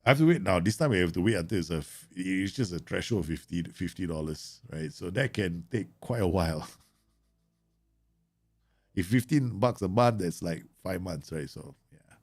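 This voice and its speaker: A man live-streaming a football management game, chatting casually with viewers and yelling at his players. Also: deep voice, moderate pace, dry recording. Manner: animated, bursts into loud yells and laughs at his players; chatty, answers viewer questions with many fillers.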